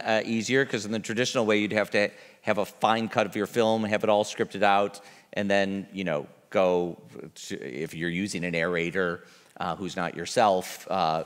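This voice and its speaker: A man moderating a conference panel, asking questions with many hesitations. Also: fairly low pitch. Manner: hesitant, full of uh and um. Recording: long hall reverb.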